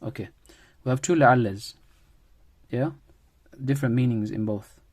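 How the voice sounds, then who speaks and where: Speaking a little slowly in a slightly mellow, middle-pitched voice, a man gives a patient grammar lesson. He keeps repeating key phrases and builds his points from everyday examples, as in a classroom.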